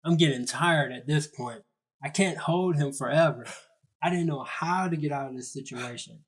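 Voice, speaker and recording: A man's voice: on the high side, normal speed, breathy edge. A young man narrating a comedy story in a casual, slangy, self-mocking way.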